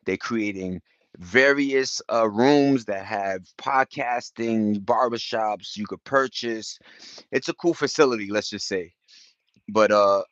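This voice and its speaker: A man's voice: mid-range voice, fairly bright tone, no room sound. A man, chatting loosely on a livestream, greeting viewers and laughing as he talks. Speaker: livestream host. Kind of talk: casual livestream chat. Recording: dull lo-fi sound.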